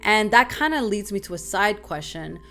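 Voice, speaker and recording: A young adult woman hosting a casual group talk, telling a personal story with lively, animated delivery and calling listeners "y'all". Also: mid-range voice, moderate pace, soft background music. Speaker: talk show host.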